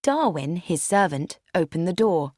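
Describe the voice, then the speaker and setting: A woman narrating an audiobook with expressive, varied storytelling. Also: lowish voice, measured pace, no room sound, clean studio sound.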